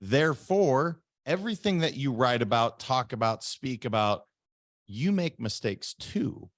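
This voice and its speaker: A man's voice: medium pitch, expressive, measured pace, dry recording, studio quality. A man hosting a podcast interview, talking earnestly and repeating words as he thinks aloud. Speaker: podcast host. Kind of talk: conversational interview.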